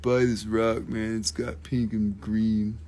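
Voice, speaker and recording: A man voicing a dull, laid-back male rock seller who drones slowly and flatly, a bit away from his phone. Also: fairly low pitch, slight background noise, voice pushed down. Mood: bored. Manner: slow flat droning.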